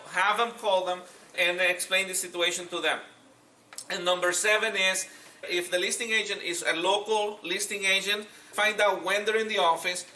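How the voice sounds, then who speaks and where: A man's voice: sits high, sharp tone, echoey room, far from the mic, slight background noise. A man teaching a real estate seminar, speaking directly and often repeating himself as he acts out calls with agents. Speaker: real estate and mortgage instructor.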